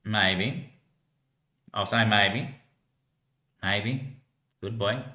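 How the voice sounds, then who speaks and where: A quiet, patient father figure voiced by a man speaks low and hushed. The tone stays bright and sharp, and the room around it echoes. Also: very slow, full character voice. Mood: quiet fatherly.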